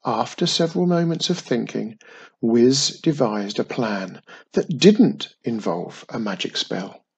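A man narrating a children's story in a gentle, expressive reading. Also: medium pitch, a little slow, slightly rough, dull audio.

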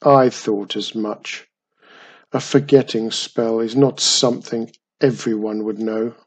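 A man voicing a grumpy old male cave goblin with a loud, growling voice. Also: fairly low pitch, steady tone, slow, husky, heavily acted.

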